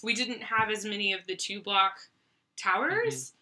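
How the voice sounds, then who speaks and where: A young woman hosting a casual board game review, chatty and quick to giggle. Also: mid-range voice, very animated, sharp tone. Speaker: host.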